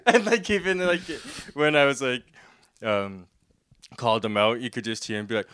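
A man's voice: medium pitch, big pitch swings, normal speed, a bit bright, clear, resonant tone. A young man telling a story in casual chat, rambling with lots of "like", laughing often and acting out the voices.

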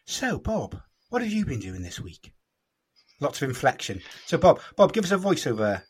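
A man's voice: fairly high pitch, big pitch swings, moderate pace, darkish tone, slightly rough. A young man hosting a casual podcast chat, teasing his co-hosts and steering the talk. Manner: teasing, jokey, leads the chat. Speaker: podcast host.

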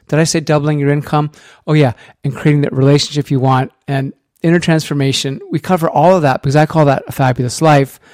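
A man's voice: on the high side, darkish tone, dry recording. Upbeat male voice coach, close and dry. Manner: enthusiastic, rambling, self-promoting. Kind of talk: casual coaching monologue. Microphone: close microphone.

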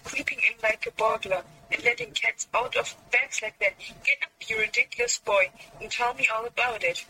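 A woman reading aloud as Jo, a frank, teasing young woman with a brisk scolding manner. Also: fairly high pitch, bright, forceful tone, breathy edge, poor audio.

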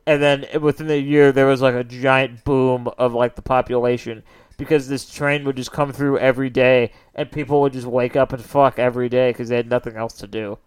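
A man's voice: medium pitch, level tone, fairly quick, clean tone. A young man co-hosting a casual podcast chat, telling rambling, profane stories. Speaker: podcast co-host.

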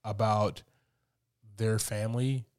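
Man, casual movie chat, laid-back, filler-heavy, lowish voice, dry close sound. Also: level tone, slow, a little mellow, no room sound. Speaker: movie review podcast co-host.

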